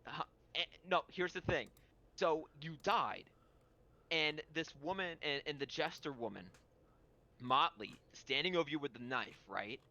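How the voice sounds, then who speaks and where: A man narrating a tabletop game as game master, animated and rambling with fillers. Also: on the high side, unhurried, highs cut off.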